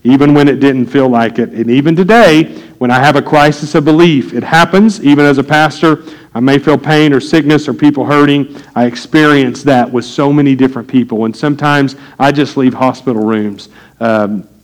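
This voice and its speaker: A man preaching a sermon as pastor, earnest and building to loud, excited preaching. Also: medium pitch, moderate pace, rough recording.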